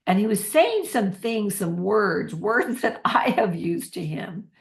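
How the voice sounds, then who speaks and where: A middle-aged woman giving a motivational workshop talk as a parenting coach, energetic and slowing down to stress key phrases. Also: medium pitch.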